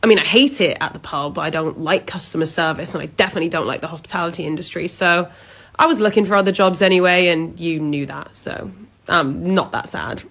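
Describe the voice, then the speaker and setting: A woman playing a blunt, unbothered young British pub worker who talks in a flat, matter-of-fact way. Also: on the low side, fairly quick. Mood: deadpan. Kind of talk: comedy sketch acting.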